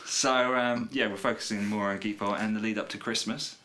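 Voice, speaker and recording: Male co-host, lowish, bright edge, joking and casual. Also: fairly even intonation, a little fast, a little hiss or hum. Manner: easygoing, joking. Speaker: podcast co-host. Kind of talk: casual chat.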